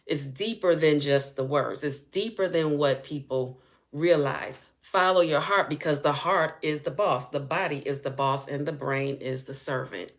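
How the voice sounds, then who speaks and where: A woman speaking as a spiritual healing coach in a casual live-stream chat, chatty and animated and laughing often. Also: low voice, a little slow.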